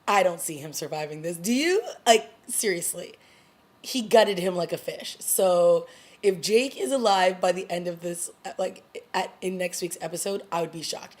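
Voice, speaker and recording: A woman casually recapping a TV episode in a video review, talking expressively and acting out the characters' lines. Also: fairly low pitch. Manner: animated, acts out characters' lines. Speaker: TV review vlogger.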